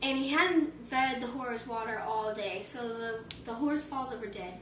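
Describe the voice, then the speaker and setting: High-voiced teen girl rambling through a joke. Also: moderate pace. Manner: chatty, filler-heavy storytelling. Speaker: joke teller. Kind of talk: rambling joke telling among friends. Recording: far-off echoey room with loud background noise.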